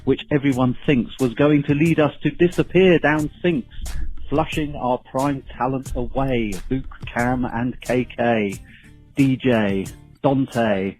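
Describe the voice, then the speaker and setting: Slow English-accented man reciting rhymes. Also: mid-range voice, a little mellow, faint music behind, low-quality recording. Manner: slow, measured, mock-solemn delivery. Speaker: caller. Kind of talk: reciting a comic rhyming farewell poem.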